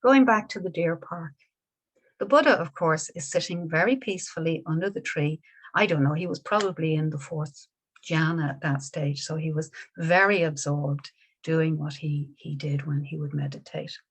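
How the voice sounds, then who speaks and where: A woman, a Buddhist teacher telling a story in a dharma talk, gentle and unhurried with small restarts. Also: low voice, slightly rough.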